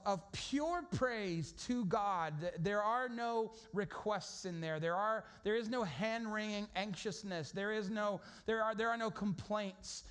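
High-voiced pastor, casual sermon. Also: male voice, smooth. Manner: conversational, storytelling, many restarts.

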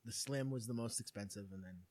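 A man's voice: on the low side, quick pace, darkish tone. A man in his thirties, a podcast co-host telling a long story in casual, profane chat.

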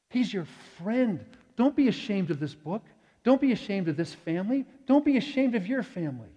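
A man preaching a sermon in a church, telling stories with lively quoted voices. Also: a little high, dull audio. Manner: animated storytelling with quoted voices. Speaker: pastor. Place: church sanctuary. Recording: church hall reverb.

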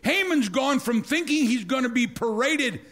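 A man preaching, telling a story with animated energy and acting out the scenes. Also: very high voice, moderate pace. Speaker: pastor. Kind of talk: storytelling sermon.

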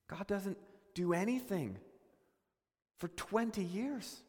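A man's voice: high voice, slow, pauses often, in a large hall. A man preaching a sermon as a pastor, earnest and questioning, often restarting his sentences.

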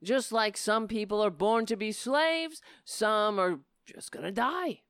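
A woman's voice: medium pitch, unhurried, fairly bright tone, clean tone, dry recording. A woman delivering a sarcastic, scornful political rant on a close mic, often slipping into mocking voices. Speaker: political commentator.

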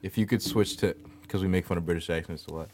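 A young man co-hosting a casual podcast, relaxed, steering the talk to new topics. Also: deep voice, fast talker, noisy background. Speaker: podcast co-host. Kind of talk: casual chat.

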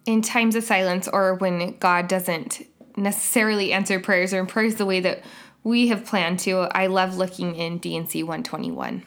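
A woman hosting a devotional podcast, talking in an earnest, reflective way and sharing personal experiences with soft laughs. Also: lowish voice, lively intonation. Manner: reads scripture aloud in a measured way. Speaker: podcast host.

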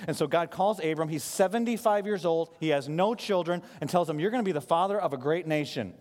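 A man in his thirties preaches from a stage, racing through animated stories and quick asides. His voice sits a little high and moves at a fast clip. The live recording carries the long reverb of a large hall. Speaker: pastor. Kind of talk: sermon.

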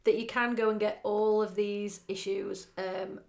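A woman's voice: mid-range voice, level tone, measured pace, a little mellow. Woman co-host, English, casual rambling chat, mid-range voice. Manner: chatty, rambling, lots of "like" fillers. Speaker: podcast co-host.

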